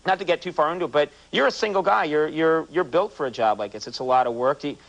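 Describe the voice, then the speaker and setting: A man's voice: a little high, vocal fry, a bit bright, muffled recording. A man hosting a late-night talk show, interviewing a guest in a joking, self-mocking way in a studio. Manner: quick, self-mocking, breaks into laughter. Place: TV studio before a live audience. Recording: 1990s VHS TV broadcast with faint room noise.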